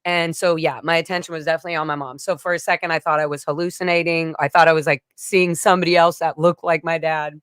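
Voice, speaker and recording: A woman's voice: deep voice, level tone, fast talker, few pauses, fairly bright tone, clear, resonant tone, no room sound, studio quality. A woman vlogger telling a personal story in a casual, rambling way, full of "like" fillers. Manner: rambling, emotional retelling with frequent "like" fillers. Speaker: vlogger recounting a personal event.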